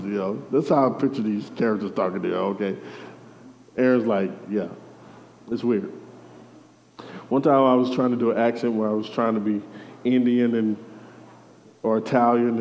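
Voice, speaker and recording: Preacher in a big echoing church hall. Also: male voice, medium pitch, normal speed, pauses often, a little hiss or hum. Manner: energetic call-and-response preaching. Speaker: pastor. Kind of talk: sermon. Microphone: handheld or stage mic. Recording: dull audio in a reverberant hall.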